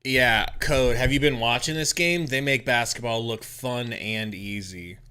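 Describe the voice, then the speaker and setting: Slow, bright-voiced laid-back young man. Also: mid-range voice, smooth. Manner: laid-back, wry storyteller. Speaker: podcast co-host. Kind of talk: casual live game reaction chat.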